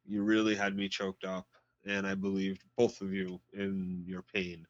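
A man's voice: low-pitched, monotone, unhurried, dry recording. A man co-hosting a casual recap podcast, enthusiastic and stumbling over his words as he praises what he has watched. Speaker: podcast co-host. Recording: dull dry lo-fi mic.

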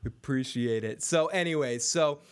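A man's voice: medium pitch, moderate pace, clear, resonant tone. A man hosting a casual TV recap chat, swearing freely, reading chat aloud and acting out scenes. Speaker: podcast host.

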